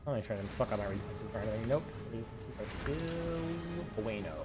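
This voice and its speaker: Excitable man with a light Southern drawl, game music behind. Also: mid-range voice, brisk. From American South. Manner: excitable, swears a lot, rambling with restarts. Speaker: streamer. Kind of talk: casual gameplay commentary.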